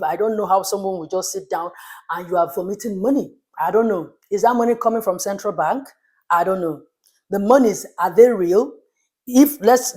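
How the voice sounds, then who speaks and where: A woman's voice: medium pitch, darkish tone. Emphatic woman host. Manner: emphatic, candid, rhetorical questions. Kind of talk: opinionated commentary.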